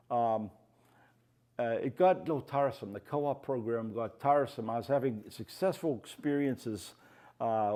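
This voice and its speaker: A man's voice: mid-range voice, mellow. Older man, artist at a gallery talk, rambling anecdotes, lots of "you know" fillers, acts out quotes. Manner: acts out quoted voices in his stories. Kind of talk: storytelling at a live artist talk. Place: art gallery, before an audience.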